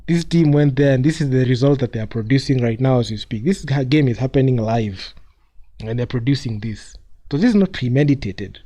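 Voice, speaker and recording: A man's voice: mid-range voice, fairly quick, dark tone. A man streaming live commentary on a basketball game, mocking the losing team, laughing often and repeating himself.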